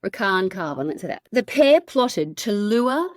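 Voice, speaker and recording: A woman's voice: a little high, sing-song, a little slow, a little mellow, no echo, studio quality. A woman hosting a podcast, telling a true crime story in a chatty, casual way and laughing at her own slips.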